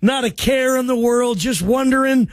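A man hosting a call-in sports radio show, talking in loose, excitable, joking banter. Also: very high voice, normal speed, no echo.

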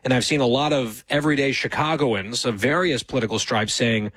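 A man's voice: medium pitch, brisk, hardly any pauses, a bit bright, no echo. A man hosting a political talk show, commenting in a dry, sarcastic way. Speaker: host.

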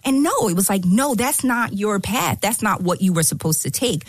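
A woman guest on a podcast telling a story, animated and emphatic, acting out the lines she quotes. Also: mid-range voice, normal speed, breathy edge, no echo. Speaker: guest entrepreneur.

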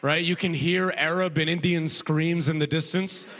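A man with a fairly high voice doing a stand-up set in a live club. His talk is loose and conversational, and he keeps checking in with the crowd. A long reverb from the venue trails behind him, with faint noise underneath. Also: fairly even intonation, normal speed. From Sudan. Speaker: stand-up comedian. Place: comedy club stage with audience.

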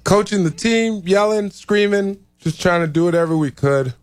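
A man hosting a sports radio show in a relaxed, joking manner, his voice hoarse from yelling. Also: high-pitched, moderate pace, dry recording. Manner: laid-back, laughs easily. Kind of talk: casual sports radio chat. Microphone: studio mic.

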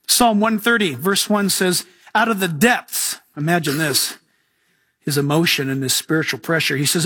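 A male pastor delivers a casual sermon with lots of energy, joking and slipping into the voices of the people he quotes. His voice sits high and a little husky. The recording is dry and close. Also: moderate pace, a bit bright, dry recording.

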